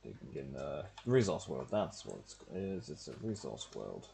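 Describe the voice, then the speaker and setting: Deep gravelly man streaming a game. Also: very animated, moderate pace, warm tone. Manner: muttering thoughts to himself while playing. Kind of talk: casual gameplay commentary.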